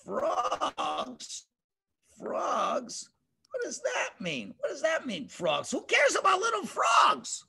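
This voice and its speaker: A man storytelling as a boastful, scornful king of Egypt who shouts in disbelief. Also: very high-pitched, huge pitch swings, slow, gravelly, pitched above the performer's own voice, full character voice.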